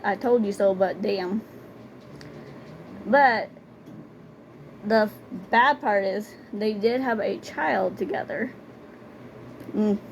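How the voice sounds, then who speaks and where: A young woman with a medium-pitched voice tells personal stories in a casual storytime vlog. She's blunt and chatty, repeating words for emphasis. The audio is poor, with slight background noise.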